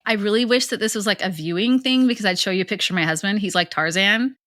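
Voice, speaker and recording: A woman's voice: mid-range voice, fast talker, a bit bright, no room sound, clean studio sound. A woman in her forties, a guest author on a podcast, chatting energetically with frequent laughs and lots of "like". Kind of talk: casual podcast chat.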